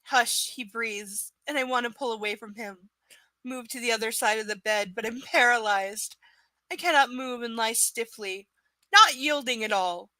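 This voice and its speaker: High, bright-voiced sarcastic woman reading aloud. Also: unhurried, dry recording. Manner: sarcastic, profane, exasperated asides. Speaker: live book reader. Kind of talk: live reading with ranting commentary.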